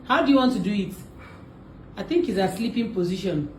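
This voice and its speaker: A woman's voice: mid-range voice, a little fast. A woman with a Nigerian accent doing casual prank banter, often laughing as she talks. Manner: lively, laughs through her speech. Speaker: prank video maker. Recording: echoey room with faint noise.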